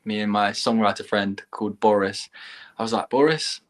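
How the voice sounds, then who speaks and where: A young man, a singer guest talking about his songs in a relaxed, easygoing way with some hesitation. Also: lowish voice, fairly quick. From England. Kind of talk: casual interview chat.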